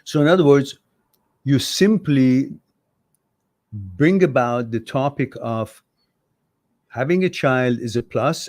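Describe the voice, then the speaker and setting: A man's voice: medium pitch, animated, takes it slowly, pauses often, a little mellow. A man hosting an advice talk show, speaking bluntly and passionately, swearing when riled and acting out both sides of conversations. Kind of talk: livestream advice talk reading viewer comments.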